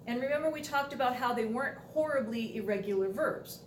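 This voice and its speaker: Woman teacher, patient and dryly funny, slightly high voice, faint hum behind. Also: expressive, brisk, hardly any pauses, darkish tone. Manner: patient, explains step by step, wry asides. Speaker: Spanish teacher. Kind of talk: classroom video lesson. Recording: echoey room, voice from a distance.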